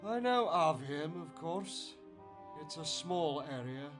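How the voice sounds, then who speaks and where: A Scottish-accented aristocrat in a video game, guarded and condescending, his voice sitting a touch higher than most men's. Faint music plays underneath his clipped, formal lines. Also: lively intonation, takes it slowly. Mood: haughty.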